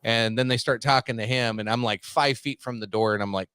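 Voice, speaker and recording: A man's voice: mid-range voice, quick pace, hardly any pauses, a bit bright, smooth, no echo, studio quality. A man hosting a podcast who tells a rambling, profane story in a casual way, full of fillers, and calls himself a simple country boy. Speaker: podcast host.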